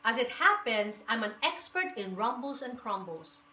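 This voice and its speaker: A woman voicing a sly, scheming male weasel in a storybook reading, with a smooth, sneering manner. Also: fairly high pitch, very animated, normal speed, sharp tone, far from the mic, a little hiss or hum. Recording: echoey room.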